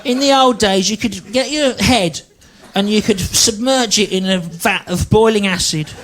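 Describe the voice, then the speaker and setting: A woman's voice: medium pitch, measured pace, voice pushed up, natural voice. A man voicing an indignant elderly grandmother who rambles and complains. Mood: shrill outrage. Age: older.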